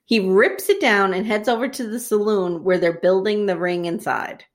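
A woman co-hosting a podcast, casually recapping a TV episode with jokey, animated storytelling. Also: mid-range voice, normal speed. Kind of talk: casual chat.

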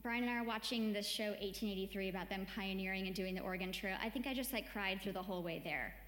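A woman's voice: medium pitch, quick pace. Woman preaching in an echoey hall. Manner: chatty, warm-hearted, peppered with "like". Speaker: church speaker. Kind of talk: conversational sermon. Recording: echoey hall with long reverb, faint music.

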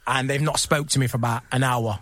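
A man's voice: medium pitch, steady tone, fast talker, a bit bright, dry recording. A man, a former footballer, telling a casual story as a podcast guest. He laughs often and acts out what other people said.

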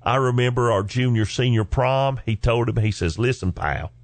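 A man in his forties, hosting a podcast, telling personal family stories in a folksy, animated way with chuckles along the way. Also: mid-range voice, normal speed, dry recording. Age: 40s. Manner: folksy, animated storyteller who chuckles between lines. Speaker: podcast host. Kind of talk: personal storytelling.

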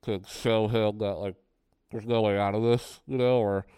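A man co-hosting a podcast, talking about a film in a loose, animated way with many fillers. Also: lowish voice, moderate pace, clean tone, dry recording. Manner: animated, loose, says "like" a lot. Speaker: podcast co-host. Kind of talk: casual film discussion.

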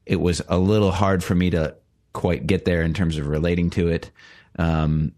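A man on a podcast panel giving a thoughtful, measured opinion in casual chat. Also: low voice, flat delivery, darkish tone.

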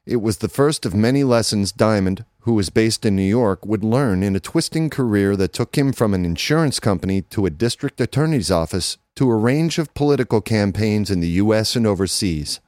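A man with a fairly low voice reads a business feature in a steady, measured newsreader style. The recording is dry and close, with no room sound around him. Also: no room sound. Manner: measured, even newsreader delivery, reading quotes aloud. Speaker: narrator reading an article. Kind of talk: scripted read-aloud narration.

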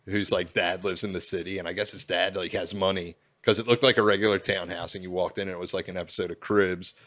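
A man's voice: low-pitched, steady tone, fast talker, fairly bright tone. A man with a Philadelphia accent, telling laid-back stories in a casual podcast chat.

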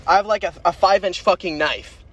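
A man's voice: high-pitched, a little fast, fairly bright tone, highs cut off, slight background noise. A man hosting a casual podcast, talking in a profane, boastful and swaggering way. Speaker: podcast host.

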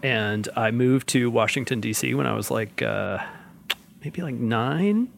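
Gravelly man hosting a chat. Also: medium pitch, animated, unhurried. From Alabama. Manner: hesitant, many fillers. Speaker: podcast host. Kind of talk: casual panel chat.

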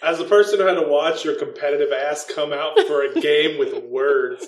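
A man's voice: a little high, normal speed, reverberant. A man joining a podcast conversation, teasing the hosts wryly. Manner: teasing, wry. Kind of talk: casual chat.

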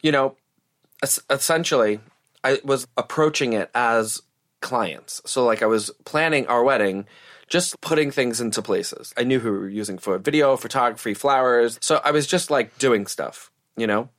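A man's voice: mid-range voice, normal speed, a bit bright. A man talking casually as an interview guest, a wedding planner who fills his speech with "like" and "you know". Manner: chatty, heavy use of "like" and "you know".

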